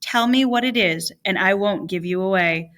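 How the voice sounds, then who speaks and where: A woman's voice: mid-range voice, moderate pace, a bit bright, lightly acted. A woman reading aloud and voicing a kind, protective old Welshman in a storybook. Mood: reassuring.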